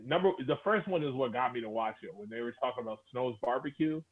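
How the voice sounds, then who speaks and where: A man's voice: mid-range voice, lively intonation, fast talker, slightly rough. A young man from Texas co-hosting a podcast in loose, rambling casual chat, swearing freely and full of fillers. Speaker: podcast co-host. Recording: tinny phone-like sound.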